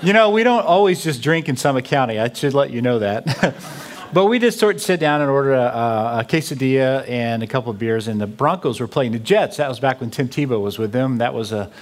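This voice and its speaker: Man speaker, lively storyteller, acts out dialogue, humor-driven talk to a crowd. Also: mid-range voice, brisk. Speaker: speaker on theology.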